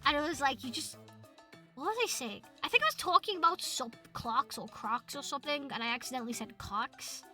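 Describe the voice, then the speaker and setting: A young British woman streaming as a VTuber, chatting casually to her chat, excitable and swearing a lot with loud outbursts. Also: sits high, fairly quick, soft background music.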